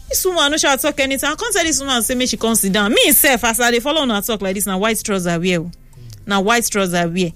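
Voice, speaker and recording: Animated young Nigerian woman radio host. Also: on the high side, quick pace, no room sound, faint music behind. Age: young adult. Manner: animated, chatty. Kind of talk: casual radio talk and storytelling. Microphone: studio microphone.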